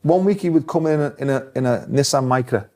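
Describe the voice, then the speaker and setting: A man's voice: mid-range voice, fairly quick, darkish tone. A man with an ordinary mid-range voice tells stories about a former teammate. He sounds amused and speaks in an easygoing, anecdotal way. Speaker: guest, former footballer. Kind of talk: casual storytelling chat.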